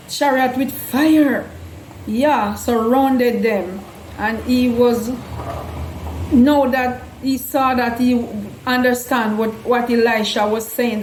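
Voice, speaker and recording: Her voice is on the high side and slightly mellow as she sincerely retells Bible stories using casual, non-standard grammar. The host is recorded in a reverberant room with a faint hum in the background.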